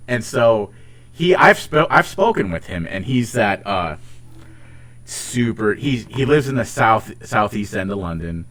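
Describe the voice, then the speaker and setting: An American man chatting casually on a podcast, rambling and halting, with casual swearing. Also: fairly low pitch, expressive, a bit bright. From United States. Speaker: podcast host. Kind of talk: casual chat.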